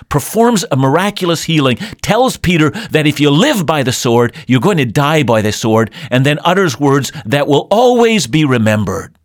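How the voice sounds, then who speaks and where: A man's voice: on the high side, dry recording, studio quality. A man preaching a sermon in an earnest, emphatic way. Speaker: pastor. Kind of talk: radio sermon.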